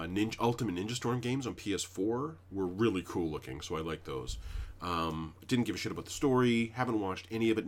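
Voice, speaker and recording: Low-voiced man swearing through casual chat. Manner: profane, emphatic, with frequent fillers. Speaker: podcast co-host.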